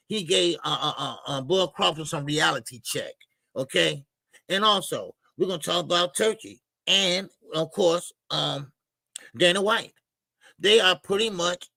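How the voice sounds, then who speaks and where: A man's voice: high-pitched, creaky, no room sound. A man hosting a casual boxing livestream, laid-back and chatty, greeting viewers by name and laughing often. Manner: loose, shout-outs to chat, laughs often.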